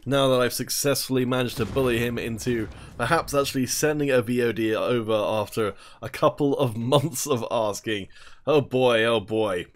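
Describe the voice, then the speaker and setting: A man's voice: medium pitch, moderate pace. Male esports caster, chatty and casual, jokes between plays, mid-range voice. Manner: chatty, jokey, talks while eating. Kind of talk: solo esports play-by-play commentary.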